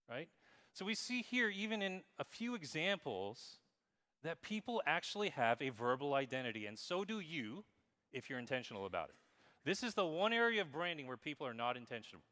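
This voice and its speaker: A man in his thirties giving a lively, emphatic keynote talk at a conference, speaking straight to the audience. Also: fairly high pitch, fairly quick, big-room sound. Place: conference hall.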